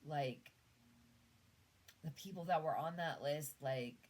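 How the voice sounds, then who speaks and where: A woman's voice: low voice, slow pace, darkish tone, poor audio. A Canadian woman giving a casual tarot reading, musing aloud, trailing off and restarting her thoughts. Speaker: tarot reader.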